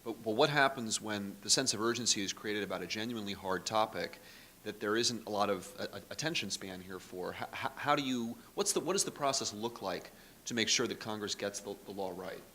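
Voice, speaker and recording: Lower-voiced, bright panel moderator man. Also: fairly quick, slight background noise. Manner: stammering, inviting. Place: conference room.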